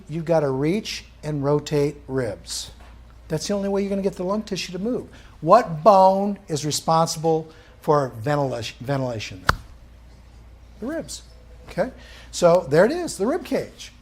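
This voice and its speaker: A male instructor giving a live classroom lecture, quizzing the room with questions and answering them himself. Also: sits high.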